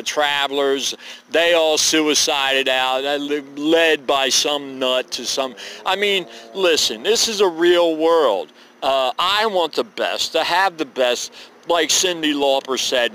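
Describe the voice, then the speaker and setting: A man's voice: on the high side, sharp tone, slight background noise, poor audio. A man in his fifties giving a rambling, profane, folksy monologue to camera as a vlogger. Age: 50s.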